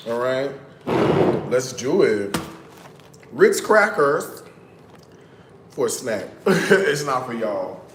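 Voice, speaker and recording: A man's voice: medium pitch, expressive, slow pace, roomy sound, noisy background. A man hosting a cooking live stream in his home kitchen, chatty, with teasing asides to viewers. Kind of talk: casual live-stream chat.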